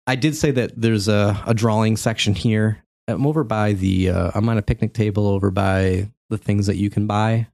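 Animated man recapping a game. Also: fairly low pitch, normal speed, gravelly, hardly any pauses, dry recording. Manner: animated storytelling, laughs often. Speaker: podcast co-host recapping a video game. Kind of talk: casual chat.

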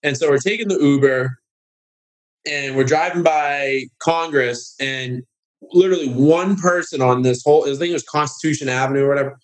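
A man appearing as a podcast guest spins out a lengthy tale in a relaxed setting, speaking at an ordinary pace. His delivery is sarcastic and lively, and he imitates others by switching to high-pitched voices.

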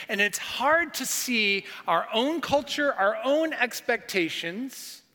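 A middle-aged man preaching a sermon as a pastor, telling stories in an animated way and acting out what people said. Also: sits high, in a large hall. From northern United States. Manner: animated storytelling with acted-out quotes.

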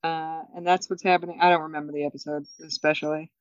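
A woman co-hosting a podcast, recapping a TV episode in casual chat, animated and laughing often. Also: low-pitched, fast talker, clean tone, no echo. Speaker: podcast co-host. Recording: dull, dry sound.

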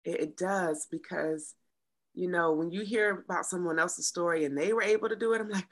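A woman triathlete guest in a casual interview, animated and laughing easily. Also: on the low side, a little fast. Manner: animated, laughs easily, swings loud to soft.

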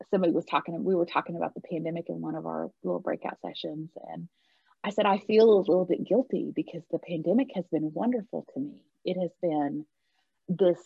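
A woman's voice: fairly low pitch, creaky, slightly rough, no echo. A woman guest on a podcast, talking in a reflective, rambling way with frequent restarts. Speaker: guest, HR leader. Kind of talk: casual podcast conversation. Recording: dull lo-fi call audio.

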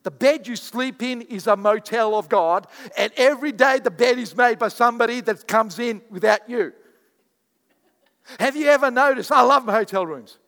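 A man preaching a sermon as pastor, animated and repetitive, telling stories to his church. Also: extremely high pitch, normal speed, gravelly, long reverb tail. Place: church sanctuary.

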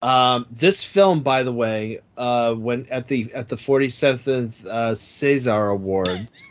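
A man's voice: mid-range voice, slow pace, highs cut off. A man hosting a casual comedic chat about a film, trading jokes and asides. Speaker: podcast host.

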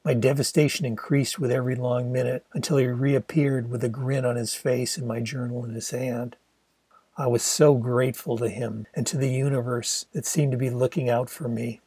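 An older man narrating his own autobiographical novel as a steady, reflective audiobook reading. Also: medium pitch, husky, dry recording.

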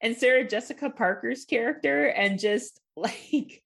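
A woman's voice: fairly high pitch, measured pace, gravelly, fairly bright tone, slightly rough. A woman co-hosting a podcast, chatting casually and animatedly about a film, swearing and laughing often. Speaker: podcast co-host. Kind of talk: casual film review chat.

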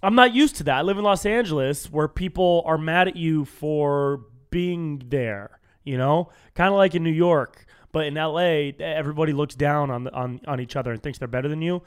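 A man's voice: normal speed, hardly any pauses, clean tone. A young man from California hosting a solo comedy podcast, telling casual stories and acting out strangers he quotes. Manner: animated storytelling, acts out quoted strangers in higher voice.

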